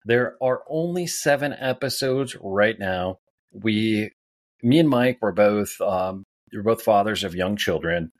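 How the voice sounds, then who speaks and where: A man in his thirties with a lowish voice, chatting as a podcast guest. He talks in a loose, rambling way, full of fillers and restarts. The sound is dry and close. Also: animated, a little slow, dry recording. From Wisconsin. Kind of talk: casual podcast chat.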